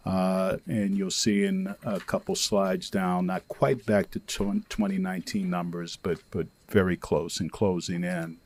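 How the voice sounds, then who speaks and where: Low-voiced man with a filler-heavy report. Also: little pitch movement, measured pace, few pauses, a little mellow. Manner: hesitant, many "uh" fillers. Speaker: airport director giving a report. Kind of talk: formal presentation to a council. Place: council meeting chamber.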